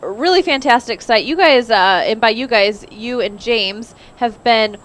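A woman's voice: on the high side, a little slow, fairly bright tone. A woman hosting a live online talk show, chatty, with frequent "uh"s and easy laughter. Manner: chatty, laughs easily, filler "uh"s. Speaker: host. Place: Indiana, US.

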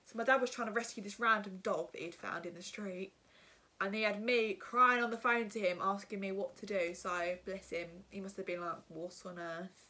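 A woman's voice: mid-range voice, moderate pace, bright, forceful tone. A young woman tells a casual storytime to her viewers, rambling with lots of fillers. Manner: rambling, filler-heavy, chatty. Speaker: vlogger.

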